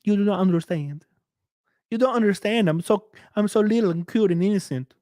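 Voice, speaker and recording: A man's voice: sits high, fairly quick, dark tone, dry recording, studio quality, pitched above the performer's own voice, close to an everyday voice. A man putting on the voice of a prissy, coy young woman, whiny and fake-innocent. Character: prissy coy young woman fussing over her figure.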